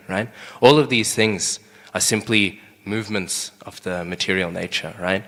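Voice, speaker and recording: Young man, low bright voice, casual scripture class, reverberant temple hall. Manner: conversational, keeps asking "right?". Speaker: class speaker.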